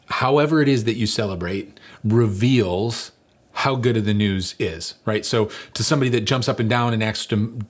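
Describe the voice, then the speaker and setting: A man's voice: lowish voice, normal speed. A middle-aged male lead pastor delivering a conversational sermon, telling stories with fillers and self-deprecating humor.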